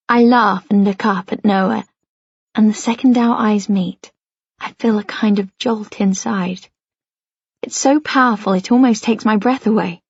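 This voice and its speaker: A woman reading a first-person story aloud in a soft, measured narration. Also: mid-range voice, fairly even intonation, slightly rough, no echo, lo-fi sound. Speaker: audiobook narrator.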